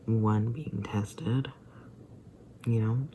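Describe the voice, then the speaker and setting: Speaking very slowly in a mid-range voice with fairly even intonation, this young adult vlogger is sick and worn out. The personal vlog wanders hesitantly, frequently sinking to a whisper. Background noise runs underneath.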